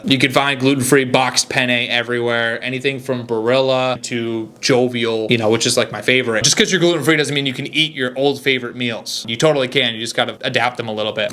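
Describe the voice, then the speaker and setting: A man in his twenties answering viewer questions in a casual, chatty way, with quick self-deprecating asides. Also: medium pitch, sharp tone. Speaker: vlogger. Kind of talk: casual Q&A to camera.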